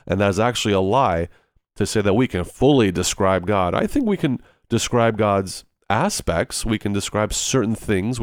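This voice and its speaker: A man's voice: lowish voice, darkish tone, no room sound, clean studio sound. A man preaching a sermon in an earnest, pleading way, repeating phrases for emphasis.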